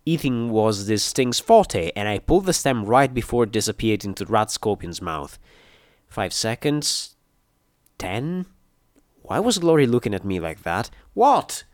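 A man reading an action story aloud in first-person narration, with steady, dramatic storytelling. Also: fairly low pitch, normal speed, no room sound, clean studio sound. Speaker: audiobook reader.

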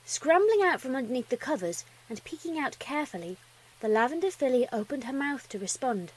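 A woman reads a storybook aloud with an expressive, lively delivery. Her voice sits a bit high and carries a husky edge. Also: fairly quick, rough recording. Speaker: narrator. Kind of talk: storybook narration.

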